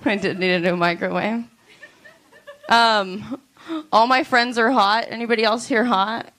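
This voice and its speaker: A woman doing a stand-up comedy set on a club stage, with deadpan, drawn-out punchlines. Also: mid-range voice, a little hiss or hum.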